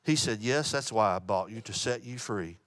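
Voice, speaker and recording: A man's voice: on the low side, expressive, moderate pace, a bit bright, no echo, clean studio sound. A man teaching a Bible study, telling a story and closing in prayer, earnest and plain-spoken with small restarts. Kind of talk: sermon with storytelling.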